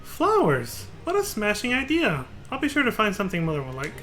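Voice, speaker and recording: A man's voice: high-pitched, huge pitch swings, brisk, sharp tone, soft background music, voice pushed up, full character voice. A man voicing a young woman from a video game, reading her lines in a prim, proper way. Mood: chirpy. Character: young woman, a chirpy polite game character.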